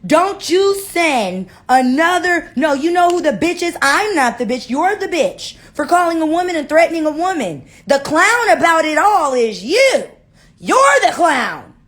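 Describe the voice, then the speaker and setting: A woman's voice: deep voice, normal speed, pauses often, voice pushed down, natural voice. A woman voicing a prim, indignant neighborhood woman who scolds in proper, outraged tones.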